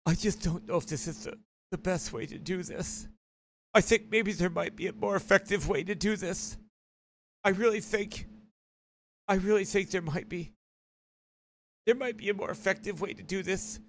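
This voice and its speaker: A man voicing a timid, hesitant young man who hedges softly. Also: high-pitched, moderate pace, pauses often, slight background noise. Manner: soft, hesitant, hedging.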